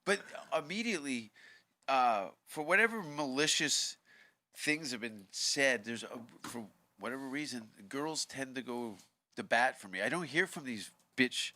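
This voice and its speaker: A Canadian man, a comedian guest, telling crude stories in a casual podcast chat and shouting out lines in bursts. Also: medium pitch, lively intonation, measured pace. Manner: profane, shouts out heckler exchanges in loud acted bursts.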